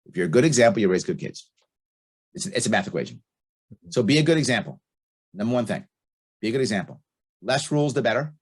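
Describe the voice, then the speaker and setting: Fast-talking husky middle-aged man, blunt. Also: on the low side, sing-song. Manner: blunt, emphatic, repeats key points. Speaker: podcast guest, libertarian candidate. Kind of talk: casual podcast interview.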